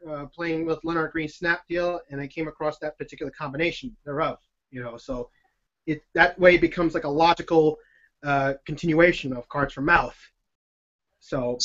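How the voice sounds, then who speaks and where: A man with a slightly high voice chats his way through a card-magic demonstration on a live video call. His talk is jokey, excitable and rambling, full of self-deprecating asides. The stream audio sounds dull and lo-fi.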